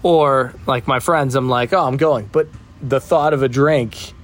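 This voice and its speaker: A man's voice: medium pitch, a little slow, faint music behind. A man co-hosting a casual recovery podcast, joking with his friends and laughing often as he talks about traveling sober. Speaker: podcast co-host.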